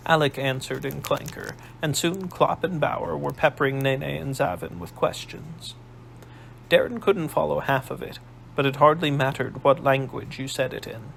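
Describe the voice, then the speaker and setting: A man narrating an audiobook in a measured storytelling manner. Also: on the high side, creaky, fairly bright tone, slight background noise, rough recording.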